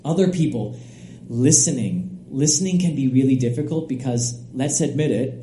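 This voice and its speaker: A man who is a native English speaker, a guest expert giving steady, explanatory podcast answers and often checking in with "right?". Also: mid-range voice, normal speed, a little hiss or hum. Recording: echoey room.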